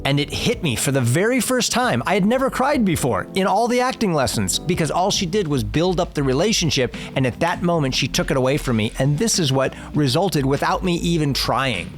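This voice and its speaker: A middle-aged man earnestly recounting an acting experience, animated and self-deprecating, as host reacting to his old clips. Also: on the high side, fairly quick, few pauses, soft background music. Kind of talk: casual storytelling.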